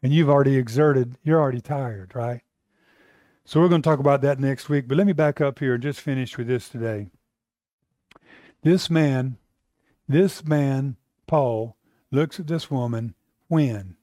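A man's voice: mid-range voice, unhurried, pauses often, dark tone, dry recording, clean studio sound. An American man teaching a Bible class, asking the room questions and repeating himself as he builds his points.

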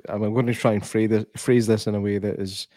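Hesitant low-voiced male interviewer. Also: flat delivery, a little fast, dark tone, no echo. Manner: hesitant, restarts questions, swears casually. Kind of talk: casual interview.

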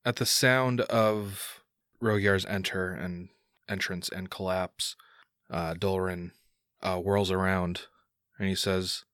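A man's voice: sits low, steady tone, takes it slowly, fairly bright tone, no echo, studio quality. A man narrating a tabletop game as game master, in loose, filler-heavy speech.

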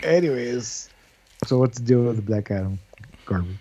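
A man's voice: mid-range voice, animated, normal speed, mellow, husky. A man in a casual podcast chat, laid-back, mostly giving brief replies. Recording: dull lo-fi mic.

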